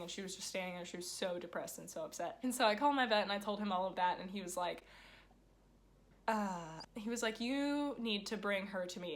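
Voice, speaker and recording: A woman's voice: mid-range voice, fairly bright tone. A young woman vlogger telling a story in a casual, chatty way, full of "like", acting out what people said. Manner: chatty, lots of "like", acts out quoted people. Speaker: vlogger, horse owner.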